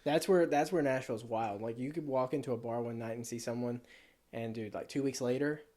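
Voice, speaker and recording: Relaxed man hosting a casual podcast. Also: medium pitch, brisk. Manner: relaxed, agreeing, with short backchannels. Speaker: podcast host.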